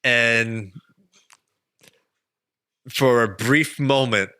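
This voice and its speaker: Acting as game master for a tabletop game, a man narrates the action at an unhurried pace, animated and laughing often. His medium-pitched voice is very bright, forward, clear, and resonant, captured in a dry recording.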